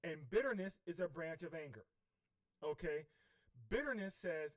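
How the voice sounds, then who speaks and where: A man's voice: on the high side, normal speed, long pauses. A man coaching on spiritual healing in a livestream, preachy and repeatedly checking in with "okay?". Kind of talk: livestream teaching.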